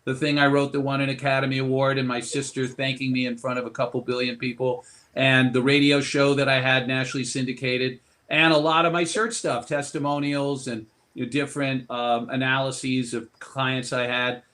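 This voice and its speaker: A man's voice: medium pitch, little pitch movement, normal speed, hardly any pauses, fairly bright tone. A man appearing as a guest author in an interview, telling anecdotes in a broad, expansive way. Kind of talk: interview storytelling.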